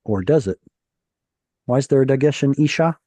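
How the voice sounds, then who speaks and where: Male Hebrew tutor on a video call, patient explainer, mellow tone, dry sound. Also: mid-range voice, expressive, normal speed, no echo. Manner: patient, explanatory, corrects pronunciation gently. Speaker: Hebrew teacher. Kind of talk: live online Hebrew reading class.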